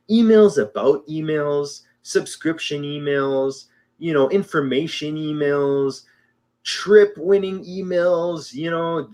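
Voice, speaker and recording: A man rants in exasperation, his pitch rising and falling in lively swings. His voice sits a little high for a man. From Canada. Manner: exasperated, complaining. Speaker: podcast guest. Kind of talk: comedic rant.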